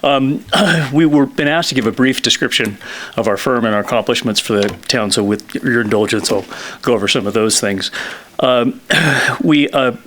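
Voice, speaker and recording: A man in his fifties, a lobbyist giving a presentation to a town council, a little out of breath, often clearing his throat and pausing with fillers. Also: medium pitch, a bit bright, a little hiss or hum. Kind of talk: formal presentation. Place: council chamber.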